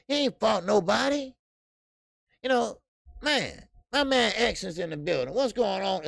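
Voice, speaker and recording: Gravelly, profane livestream host. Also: male voice, on the high side, no room sound, studio quality. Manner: loose and profane, reading out chat comments, bursts of laughter. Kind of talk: casual livestream chat.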